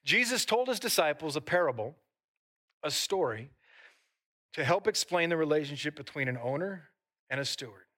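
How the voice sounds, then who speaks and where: A man preaching a sermon as pastor, talking lively with asides to the congregation and reading scripture aloud. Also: a little high, moderate pace, long pauses. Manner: reads a long scripture passage aloud.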